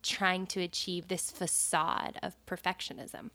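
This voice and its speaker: A woman's voice: fairly low pitch, flat delivery, a little slow, sharp tone. A young woman co-hosting a faith podcast, telling stories in an earnest, casual way with many "like" fillers. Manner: storytelling, earnest, frequent "like" fillers. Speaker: podcast co-host.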